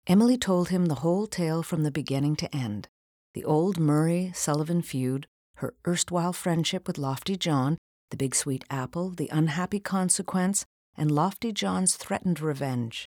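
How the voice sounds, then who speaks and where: Low-voiced woman reading a storybook. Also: moderate pace, darkish tone, no room sound, studio quality. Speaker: audiobook narrator. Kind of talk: storybook narration.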